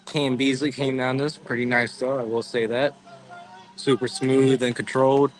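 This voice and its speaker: A man's voice: medium pitch, flat delivery, normal speed, poor audio. A man giving casual, upbeat live-stream play-by-play at an outdoor event. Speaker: event commentator. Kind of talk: live-stream sports commentary.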